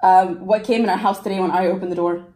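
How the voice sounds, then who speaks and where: A woman's voice: on the low side, fairly even intonation, quick pace, warm tone, roomy sound. A young woman chatting playfully with her partner, teasing and giggly as she runs a game. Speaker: vlogger, wife. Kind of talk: casual chat, playing a prank.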